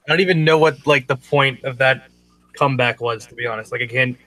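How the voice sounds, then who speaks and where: A man's voice: mid-range voice, a little fast, sharp tone, no room sound, low-quality recording. A man in a casual online chat, puzzled and restarting his sentences.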